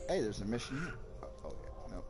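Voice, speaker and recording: Lively, jokey man gaming host. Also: on the low side, fast, music in the background. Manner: loud, jokey, swearing freely. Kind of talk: casual gaming chat.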